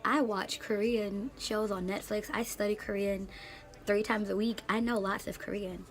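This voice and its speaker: A woman in her late twenties, an English teacher, ranting in a casual vlog with sassy, animated storytelling and slang. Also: mid-range voice, normal speed, a little hiss or hum. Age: late 20s.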